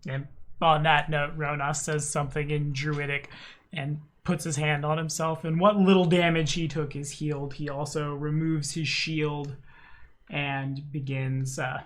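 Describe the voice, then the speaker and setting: Higher-voiced male game master, casually narrating. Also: level tone, unhurried. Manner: casual and chatty, trailing into ums while describing actions. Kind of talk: narrating a tabletop game over voice chat.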